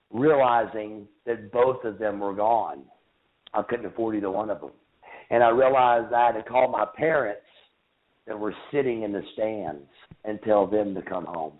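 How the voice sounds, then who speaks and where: A man in his thirties speaks haltingly, stumbling and repeating himself as he recalls a painful memory. He comes through a tinny phone line with a narrow, boxy sound. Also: mid-range voice. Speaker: guest. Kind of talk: emotional interview recollection. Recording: phone-line call-in audio.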